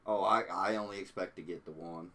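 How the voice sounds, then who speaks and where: A man's voice: deep voice, steady tone, a little fast, bright, forceful tone. A man giving easygoing commentary on a game, trailing off with little "so" and "I guess" asides. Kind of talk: casual gaming commentary.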